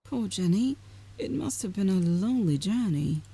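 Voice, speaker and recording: A woman voicing a lively young female journalist, the heroine's best friend, reading game dialogue in a brisk, teasing, chatty way. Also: mid-range voice, gravelly, breathy edge, no room sound.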